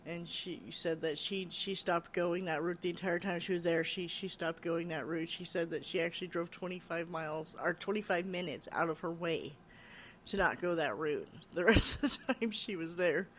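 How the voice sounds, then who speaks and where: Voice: medium pitch, normal speed, a little hiss or hum. A podcast host casually retelling a ghost story in a chatty way, full of "she's like" and "you know". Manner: animated when quoting others, raising voice.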